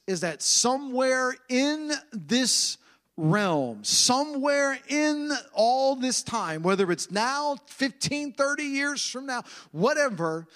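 Male preacher, high voice, emphatic and repetitive, pace swings between rushed and drawn out. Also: a bit bright. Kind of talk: sermon.

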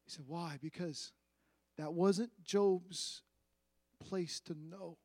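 A man preaching a sermon, dramatic, swinging from loud passages to hushed ones. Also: high-pitched, steady tone, very slow, no echo, clean studio sound.

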